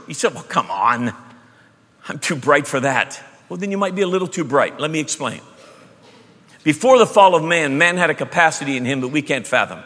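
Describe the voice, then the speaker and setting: A man preaching a sermon, emphatic, moving between loud bursts and hushed asides. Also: on the high side. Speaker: pastor. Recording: long hall reverb.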